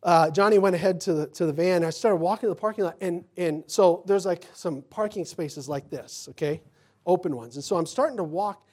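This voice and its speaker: A man's voice: high voice, fairly quick, darkish tone. Folksy storytelling male pastor. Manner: folksy storytelling, acts out quotes. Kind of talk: sermon with personal anecdotes.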